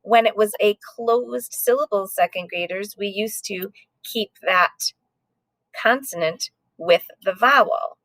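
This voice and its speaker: A woman's voice: medium pitch, slow pace, a bit bright, no room sound. A woman teaching a recorded phonics lesson to second graders, sounding out letters patiently.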